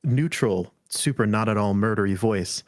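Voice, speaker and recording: A young adult man running a tabletop game as game master, describing scenes in a relaxed way and calling for dice rolls. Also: fairly low pitch, normal speed, dry recording, studio quality.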